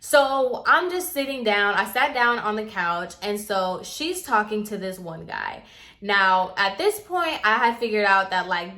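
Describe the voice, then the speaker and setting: A young woman telling a story in a casual, chatty way, filling it with "like" and acting it out. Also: mid-range voice. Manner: chatty, says "like" constantly, animated retelling. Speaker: vlogger.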